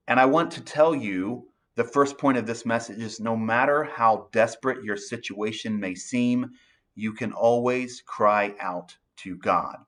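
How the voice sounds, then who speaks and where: Pastor guy giving an earnest sermon, reads scripture, kinda low voice. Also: a bit bright.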